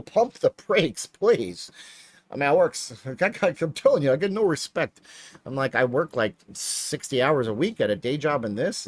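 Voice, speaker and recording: Lively, rambling livestream host man. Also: medium pitch, no room sound. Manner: rambling, jokey, animated. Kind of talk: casual livestream chat while playing slots. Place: home streaming room with lights.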